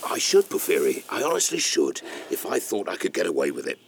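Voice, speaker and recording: An actor playing a sly, cynical old country gentleman in a radio play, teasing and conspiratorial. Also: deep voice, wildly swooping pitch, a little fast, vocal fry, slight background noise, heavily acted. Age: older.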